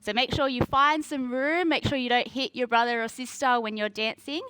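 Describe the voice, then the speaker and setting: An Australian woman leading a children's church segment, energetic and giving instructions. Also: on the high side, moderate pace, clear, resonant tone, no room sound. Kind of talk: leading kids into a song.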